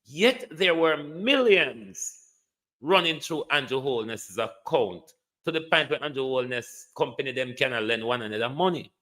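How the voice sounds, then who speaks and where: A man's voice: mid-range voice, animated, normal speed, a bit bright. A man with a Jamaican accent giving a mocking, scolding political rant on a livestream, sliding between standard English and patois. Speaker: political commentator.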